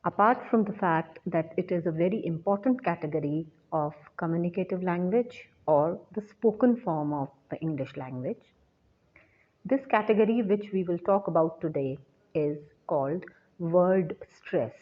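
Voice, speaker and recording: A woman teaching an English lesson in a measured, deliberate way, repeating her key points. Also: on the low side, animated. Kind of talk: slow lecture. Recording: dull lo-fi recording.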